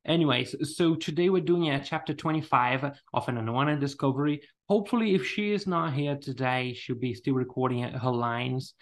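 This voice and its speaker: A man's voice: mid-range voice, moderate pace, hardly any pauses. A man hosting a podcast, chatting casually and teasing his co-host, often laughing. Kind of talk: casual chat.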